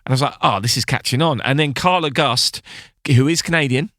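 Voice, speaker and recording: A man's voice: medium pitch, brisk, a bit bright, no echo, clean studio sound. A man co-hosting a podcast in casual chat, restarting his sentences often and laughing easily. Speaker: podcast co-host.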